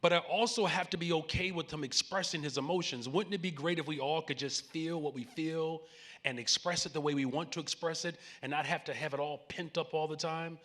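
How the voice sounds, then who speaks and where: A man's voice: on the high side, a little fast, fairly bright tone. A man in his forties with a Chicago accent, the mayor speaking on a conference panel, earnest and preacherly, joking with the audience. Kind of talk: conference stage conversation. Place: conference main stage before a live audience.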